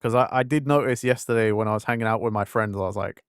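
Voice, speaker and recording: An English man with an English accent rambles casually on a game stream, acting out conversations as he goes. He talks fast in a fairly low, clean voice, with clean studio sound and no echo.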